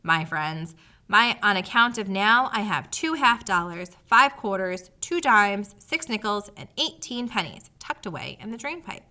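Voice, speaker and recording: A woman puts on a small, fretful miser mouse who whines in a high, pitiful voice and turns every sentence flowery. His tone swings widely up and down, and the sound is bright and sharp. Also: lively intonation, a little slow. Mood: pitiful, dramatic.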